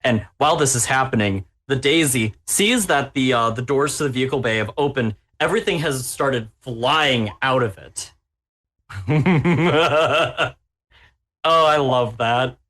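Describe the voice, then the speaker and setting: A man's voice: medium pitch, moderate pace, hardly any pauses, sharp tone. Gleeful man narrating a horror tabletop game. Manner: gleeful, relishing the players' peril. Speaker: game master.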